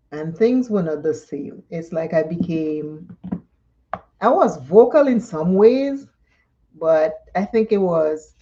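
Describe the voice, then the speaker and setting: A woman's voice: lowish voice, warm tone, highs cut off. A woman from Dominica, chatting and telling stories during a live makeup tutorial and laughing often. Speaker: makeup vlogger.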